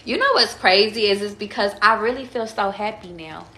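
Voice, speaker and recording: A woman's voice: medium pitch, normal speed, sharp tone. A woman giving a casual live tarot reading, chatty and emphatic, swearing freely and calling out viewers by name. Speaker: tarot reader on a livestream. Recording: echoey room with faint noise.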